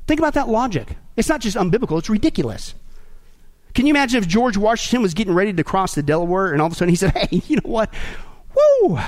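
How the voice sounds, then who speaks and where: A middle-aged male pastor preaching a sermon with sarcasm, swinging between loud bursts and hushed asides. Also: high-pitched, lively intonation, rapid-fire.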